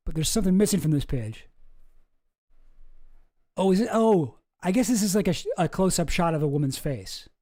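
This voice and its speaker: A man's voice: sits high, lively intonation, moderate pace, long pauses, darkish tone. A man hosting a casual online show, thinking aloud in a hesitant, musing way as he reads through documents. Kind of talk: casual commentary while reading documents.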